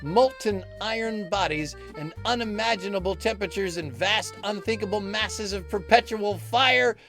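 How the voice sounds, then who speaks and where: A man's voice: sits high, normal speed. A man hosting a live stream, rambling and joking in a mock-lecture way with sing-song asides. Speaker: host. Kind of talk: goofy live-stream banter. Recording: music playing behind.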